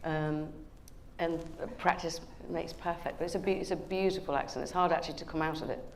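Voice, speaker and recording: A woman's voice: deep voice, fairly even intonation, brisk, slight background noise. A woman with a British accent, an actress guest talking in a remote live TV interview, hesitant with many ums. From England and Ireland. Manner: hesitant with many ums, hearing audio feedback. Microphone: remote earpiece link.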